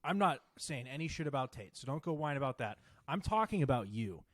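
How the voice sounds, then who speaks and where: A man's voice: medium pitch, big pitch swings, brisk, dry recording, clean studio sound. A young man co-hosting a podcast, trash-talking viewers with crude insults. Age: young adult. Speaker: podcast co-host. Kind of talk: casual podcast rant.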